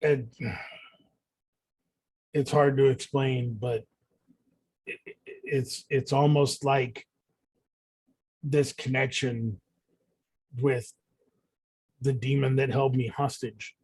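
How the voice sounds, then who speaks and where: A man's voice: medium pitch, little pitch movement, a little mellow, slightly rough, dry recording. A man voicing a stammering, haunted cursed fighter. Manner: halting, stammering, pleading. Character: haunted, sleepless young man cursed by a demon.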